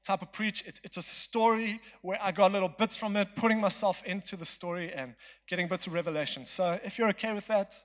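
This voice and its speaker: A man's voice: high-pitched, brisk, a bit bright. A young man preaching a storytelling sermon in a chatty, joking, self-mocking way in a church hall. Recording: long hall reverb.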